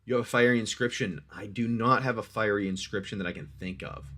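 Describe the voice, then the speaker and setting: Low-voiced man running a dice game. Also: brisk, a little hiss or hum. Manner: chatty, addresses the player as "my friend"; talks through dice rolls, reacts loudly to hits. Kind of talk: casual livestream game narration.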